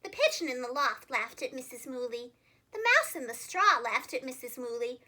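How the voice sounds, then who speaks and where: A young preschool teacher reads a children's storybook aloud with an expressive delivery, her voice sitting high and her pace moderate.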